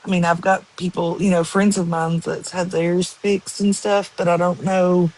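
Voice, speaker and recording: A woman's voice: fairly low pitch, level tone, darkish tone, rough recording. A woman chatting casually and rambling to viewers on a live stream. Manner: slow, rambling, with many ums and likes.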